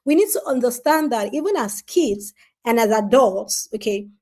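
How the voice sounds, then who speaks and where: A woman's voice: a little high, lively intonation, normal speed, a little mellow. A woman giving an earnest parenting advice talk, speaking straight to parents and repeating key points for emphasis. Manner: addresses parents directly.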